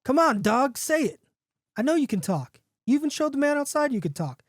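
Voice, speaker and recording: A man voicing a loud, boastful old crackpot showman in a bar who shouts impatiently at his animal. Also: very high voice, sing-song, a little fast, dry recording, clean studio sound, voice pushed up. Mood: pleading, angry.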